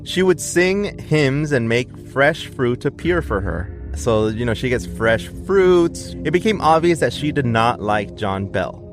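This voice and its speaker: Man podcast co-host, chatty storyteller, middle pitch, faint music behind. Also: sing-song, a little slow, hardly any pauses. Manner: tells the story with frequent "right?" and "like" asides. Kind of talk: casual storytelling chat.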